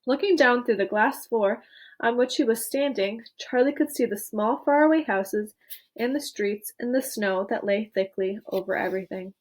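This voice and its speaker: Expressive woman reading a children's book aloud. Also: on the high side. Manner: expressive, pauses to ask questions.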